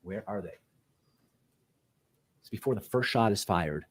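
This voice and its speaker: A man, a defense attorney, giving an opening statement in court and walking through events step by step in a measured way. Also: lowish voice, lively intonation, low-quality recording. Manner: measured, methodical walkthrough of events.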